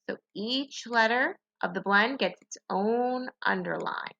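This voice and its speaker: A woman teaching a phonics lesson to young children, slowly sounding out letters and sounds and asking them to echo her. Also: on the high side, sharp tone, muffled recording.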